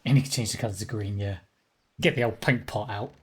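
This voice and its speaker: A man's voice: fairly low pitch, quick pace, husky. A man giving casual live commentary on a game he is playing. He is wry and mutters to himself, with the odd swear word. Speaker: streamer.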